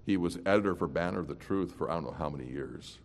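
A man preaching an evening sermon as a pastor. He swings between loud, emphatic declarations and quiet, low-voiced asides. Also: fast talker, a little hiss or hum. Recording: long reverb of a large hall.

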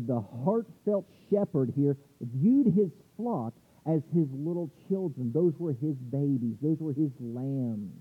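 Male pastor, husky voice, preaching a sermon over a tinny phone-like line. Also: fairly high pitch. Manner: preaching with scripture readings and restarts.

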